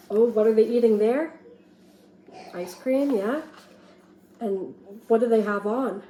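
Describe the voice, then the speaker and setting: A woman teacher reading a picture book aloud to a class with expressive, lively storytelling, then explaining an activity. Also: a little high, roomy sound, slight background noise.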